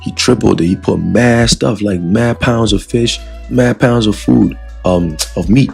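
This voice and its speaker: Deep raspy dude telling a dream story real loose, lots of you know's. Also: male voice, unhurried, soft background music. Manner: relaxed storytelling with many fillers. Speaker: religious teacher recounting a dream. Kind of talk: casual spoken testimony.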